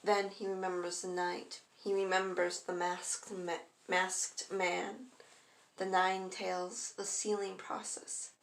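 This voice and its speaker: Slow, halting woman reading a story. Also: fairly low pitch, flat delivery. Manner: halting, restarts and apologizes. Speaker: fan fiction reader. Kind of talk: casual story narration. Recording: echoey room.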